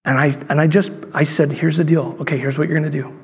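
A man in his thirties preaches a sermon, telling a story and acting out its voices. His voice sits a little high and has a husky edge. A long reverb hangs behind him, as in a church hall. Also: steady tone, fast, few pauses. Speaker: pastor.

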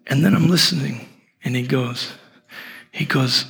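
A man in his thirties preaching a sermon at an evening church service, telling a story with humor and warmth. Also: medium pitch, unhurried, gravelly, breathy edge. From Portland, Oregon. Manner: animated storytelling with self-deprecating humor. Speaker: pastor.

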